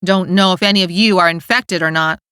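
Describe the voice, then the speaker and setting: A woman's voice: mid-range voice, measured pace, pushed and bright, clear, resonant tone, no echo, clean studio sound. A woman voicing a cocky, hostile teenage boy who talks bluntly and coldly. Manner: blunt, cold.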